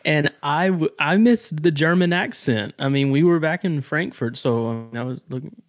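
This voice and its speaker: A man's voice: on the high side, normal speed, no room sound, studio quality. A man co-hosting a sports podcast, chatting casually and agreeing in short replies. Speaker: podcast co-host.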